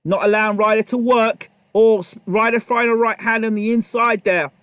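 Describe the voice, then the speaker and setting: A man calls a boxing match live, firing off punches as they land and urging the fighters on. His voice is very high for a man. The sound is close and dry with no room behind it. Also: brisk, smooth, dry recording. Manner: excitable, repetitive, talks to the fighters. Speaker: boxing commentator. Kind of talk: live play-by-play commentary.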